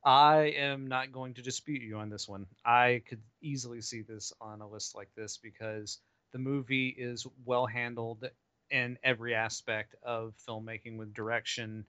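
A man's voice: medium pitch, steady tone, moderate pace, pushed and bright, clean tone, no echo. A man co-hosting a movie podcast, chatting loosely with profane, laughing asides. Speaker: podcast co-host. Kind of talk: casual movie podcast chat.

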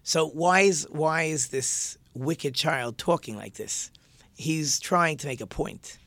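A man's voice: a little high, slow pace, fairly bright tone, dry recording. A male teacher giving a conversational religious lesson and posing rhetorical questions to his listeners.

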